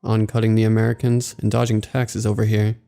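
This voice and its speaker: A man voicing a gruff middle-aged male mover who gossips in a blunt, knowing, ominous way. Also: lowish voice, monotone, fairly quick, mellow, faint music behind. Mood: gossiping.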